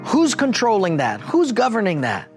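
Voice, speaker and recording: A middle-aged man delivers a sermon in a fairly high voice. He tells a story with lively swings of pitch, sometimes dropping low and slow for emphasis. Faint music plays underneath. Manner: animated storytelling, acting out quarrels in a raised voice. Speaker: pastor.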